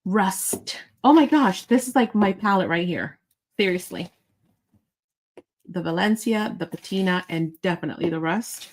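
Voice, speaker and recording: A woman's voice: on the low side, normal speed, poor audio. A woman hosting a live online sale, talking in a bubbly, chatty way and thinking aloud as she goes. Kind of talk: casual live-sale chat.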